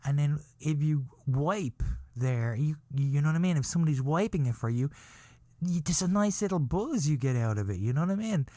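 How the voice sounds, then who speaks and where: Lively, laughing podcast man, dry mic. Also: a little high, brisk, dry recording. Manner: animated, laughs at own story. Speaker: podcast host. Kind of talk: rambling comic storytelling.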